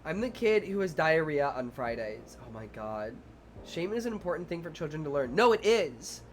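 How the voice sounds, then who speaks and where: This slightly high-pitched male voice moves at a normal pace against light background noise. A young preschool teacher who streams, he tells stories to his viewers with energy, voicing himself and the children and cursing casually.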